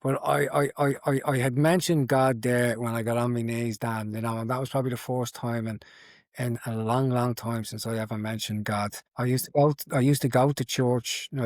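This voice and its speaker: A man's voice: medium pitch, no room sound, studio quality. A man sharing his conversion story in an interview, earnest and repetitive, in a casual telling way. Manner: earnest storytelling with many repeats. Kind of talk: casual testimony.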